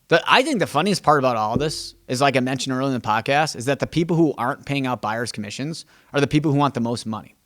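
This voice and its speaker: A man's voice: medium pitch, expressive, fast, few pauses, fairly bright tone. A man hosting a podcast as a real estate agent, talking in a casual, emphatic monologue that stumbles and repeats words as he thinks aloud. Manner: acts out quoted exchanges with clients.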